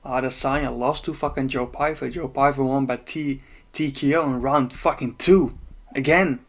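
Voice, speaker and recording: A man's voice: mid-range voice, fairly even intonation, moderate pace, fairly bright tone. A man breaking down a fight in a casual, profane rant, exasperated and laughing at times. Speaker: MMA commentator.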